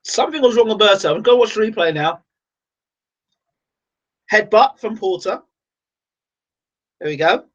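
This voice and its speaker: A man commentating live on a boxing match from his own setup, venting his disgust as the rounds go on. His voice sits fairly high, and the recording is dull and lo-fi. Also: normal speed, long pauses. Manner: exasperated, ranting, swings to excited shouting.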